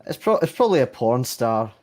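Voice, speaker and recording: A man's voice: medium pitch, sing-song, brisk, darkish tone. A man playing a tabletop game, making crude, dry jokes in casual chat. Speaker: player.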